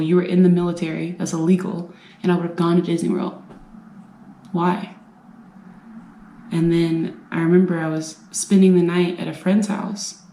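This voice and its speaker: A woman from the United States telling her own survivor story in an earnest, halting way, repeating phrases for emphasis. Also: lowish voice, warm tone. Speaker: brain injury survivor and veteran speaker. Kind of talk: personal storytelling talk. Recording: roomy echo.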